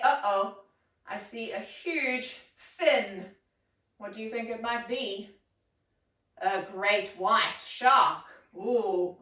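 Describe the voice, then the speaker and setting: A woman leads a children's yoga class in an unhurried, playful storytelling voice. Her voice sits a touch high, with gentle coaxing instructions. She sounds roomy and a little distant from the mic. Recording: roomy echo, mic set far off.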